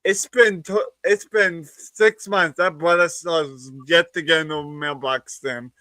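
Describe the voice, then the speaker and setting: A man with a somewhat high voice rambles through a funny anecdote, laughing as he goes and slipping into quick impressions of the people in it. He sounds like a live-stream host chatting to his co-hosts. The recording is close and dry, with almost no room sound. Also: steady tone, pushed and bright, no room sound. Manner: rambling anecdote, laughs often, acts out others' lines. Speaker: podcast host. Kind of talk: casual chat, storytelling.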